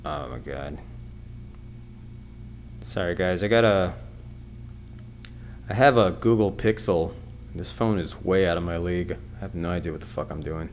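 A man hosting his own comedy podcast alone, talking in a profane, excitable, rambling way. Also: sits low, moderate pace, pauses often, slight background noise. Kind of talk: casual solo podcast monologue.

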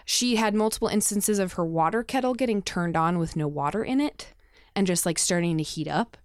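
A young woman from Texas telling ghost stories casually on a podcast, animated, swearing freely and acting out other people in a higher voice. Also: brisk, no echo, clean studio sound. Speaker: podcast speaker. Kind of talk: casual storytelling.

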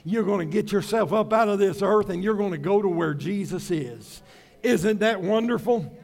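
Male pastor, very high pitch, folksy emphatic sermon. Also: expressive, moderate pace, creaky, darkish tone. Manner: folksy, emphatic preaching with storytelling asides.

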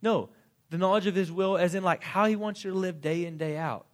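A man preaching a sermon in a casual, animated way, with quick asides and acted-out quotes. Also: sits high. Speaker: pastor.

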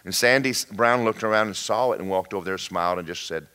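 A man preaching a storytelling sermon, folksy and animated, with joking asides and sudden shouts. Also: lowish voice, fast, clear, resonant tone.

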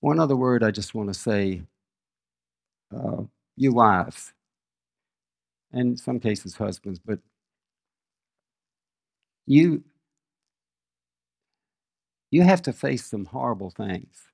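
Older man, preacher, slow delivery, gravelly voice, dry close sound. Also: medium pitch, lively intonation, dry recording. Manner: slow storytelling with scripture reading. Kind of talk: sermon.

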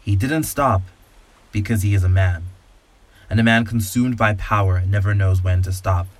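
Man voicing a cold villainous woman, contemptuous, measured, low, commanding. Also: close to an everyday voice.

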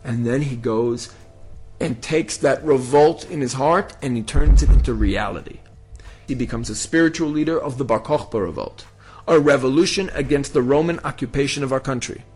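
A man's voice: mid-range voice, a little mellow, slightly rough. A man teaching history with dramatic emphasis, building to emphatic peaks. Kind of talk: impassioned history lesson.

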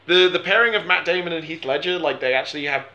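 Bright-voiced man hosting a film podcast. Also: on the high side, quick pace, echoey room, dull audio. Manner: laughing, rambling, jokey. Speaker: podcast host. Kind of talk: casual film podcast chat.

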